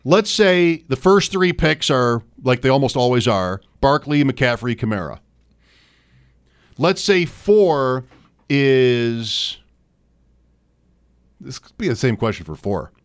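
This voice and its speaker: A man in the middle of his range, co-hosting a relaxed sports talk show. He thinks out loud and reels off lists of player names. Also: mid-range voice, takes it slowly, long pauses. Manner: thinks aloud, rattles off names. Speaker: co-host. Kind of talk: casual fantasy football chat.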